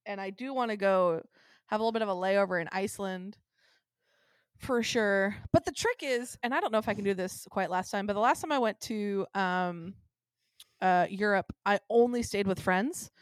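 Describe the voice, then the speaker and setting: A woman's voice: mid-range voice, normal speed, clear, resonant tone, dry recording, clean studio sound. A woman co-hosting a podcast in casual chat, rambling along with lots of ums and frequent laughs. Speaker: podcast co-host.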